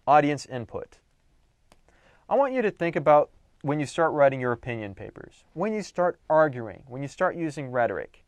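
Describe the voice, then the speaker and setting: A man's voice: mid-range voice, dry recording. A young adult man giving a recorded lecture on writing, teaching with emphatic, playful exaggeration.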